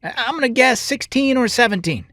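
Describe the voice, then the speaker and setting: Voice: medium pitch, animated, a little fast, bright, forceful tone, no room sound. A performer voicing a small, curious young boy rabbit who chats playfully, says y'all and laughs often in a fan-made cartoon.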